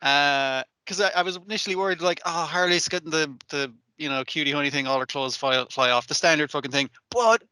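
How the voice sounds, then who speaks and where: A man's voice: fairly high pitch, fairly quick, hardly any pauses, bright, forceful tone, clean tone, no room sound. A man hosting a podcast in casual chat, swearing freely and acting out characters' lines. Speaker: podcast host.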